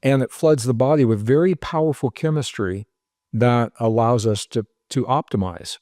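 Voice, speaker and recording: A man's voice: medium pitch, normal speed, dark tone, no room sound, clean studio sound. Earnest man explaining at length. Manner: earnest, explanatory, listing examples. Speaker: author and researcher guest. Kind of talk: podcast interview answers.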